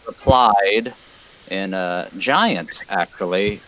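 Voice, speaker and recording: Man, tabletop player, casual chat, low deep voice, chatty. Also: unhurried, a bit bright, low-quality recording. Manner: chatty, explains his choices.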